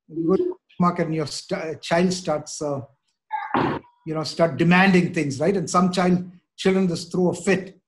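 A middle-aged man teaching a parenting class at church, talking loosely with many fillers and checking in with "right?" as he goes. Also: high-pitched. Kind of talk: interactive online parenting lesson.

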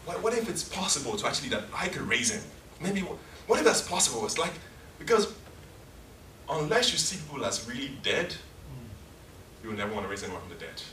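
A man's voice: fairly high pitch, big pitch swings, brisk, long pauses, bright, forceful tone, echoey room, recorded from a distance, a little hiss or hum. A man preaching a passionate sermon, acting out scenes in different voices. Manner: impassioned, acts out scenes in many voices.

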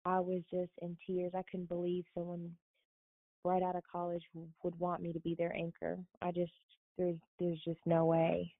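Young woman guest from Florida, casual storyteller, slightly low voice, tinny phone-line sound. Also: normal speed, no room sound. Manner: animated, quotes others, laughs often.

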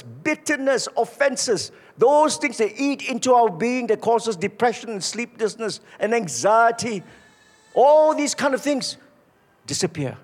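A man preaching a sermon, telling stories and dropping low and soft on his key points. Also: breathy edge. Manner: storytelling, emphatic, drops low for key points. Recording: echoey hall.

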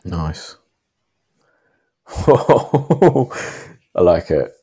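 Very low-voiced man rambling through a story. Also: moderate pace, a little mellow. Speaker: podcast host. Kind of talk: casual podcast chat.

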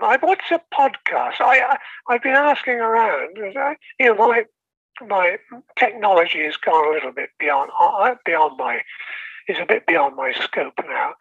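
A man's voice: high-pitched, animated, normal speed, fairly bright tone, husky, dry recording, lo-fi sound. An older man with a transatlantic accent and an old-fashioned radio cadence, reciting his own rhyming poem and chatting as a guest. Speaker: guest poet.

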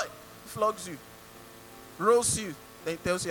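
A man's voice: sits high, moderate pace, pushed and bright, slight background noise, low-quality recording. A male pastor with a Nigerian English accent preaching a sermon, mimicking people and asking the congregation rhetorical questions.

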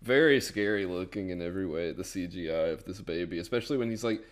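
A man's voice: low-pitched, fast. A man on a film podcast, talking hesitantly and correcting himself mid-thought. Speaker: podcast co-host. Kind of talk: casual film discussion.

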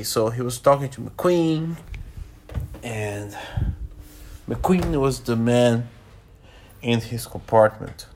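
A man's voice: on the low side, vocal fry, darkish tone, slight background noise. A man reading a novel aloud, often stopping to comment and restate what he just read. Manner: stops to comment and restates lines.

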